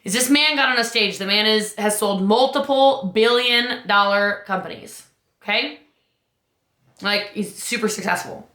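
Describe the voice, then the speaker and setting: A woman business coach giving an urgent motivational talk, her voice climbing high on key points. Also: unhurried, bright, forceful tone, reverberant.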